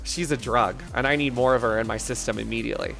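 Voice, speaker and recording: A man's voice: medium pitch, fast, vocal fry, a bit bright, faint music behind. A man streaming live, joking crudely and rambling in banter with his chat.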